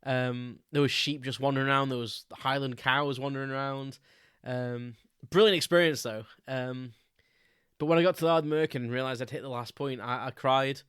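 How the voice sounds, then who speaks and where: A man's voice: mid-range voice, fairly even intonation, normal speed, a bit bright, clean tone, no room sound, clean studio sound. A man, hosting a podcast and telling a story in a loose, rambling way, with many ums and frequent chuckles. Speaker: podcast host. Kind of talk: casual storytelling monologue.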